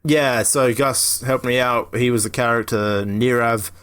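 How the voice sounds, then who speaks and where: Brief: casual male podcast host, mid-pitched, rambling and laughing. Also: fairly even intonation, a little slow, fairly bright tone, clean tone. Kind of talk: casual chat.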